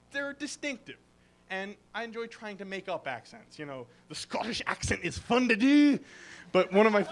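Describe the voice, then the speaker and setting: A man's voice: sits high, pushed and bright, a little hiss or hum. A man from Boston doing a rambling, self-deprecating stand-up set at a live open mic, laughing at his own jokes. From Boston, Massachusetts. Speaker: stand-up comedian.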